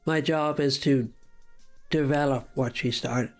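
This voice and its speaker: A man's voice: medium pitch, fairly even intonation, a little slow. Laid-back man, faint music behind. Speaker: podcast co-host. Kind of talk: casual political chat.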